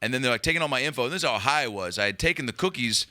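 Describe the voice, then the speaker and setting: A man on a podcast telling a long story as a comedian guest, animated and profane, rambling with restarts. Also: mid-range voice, very fast.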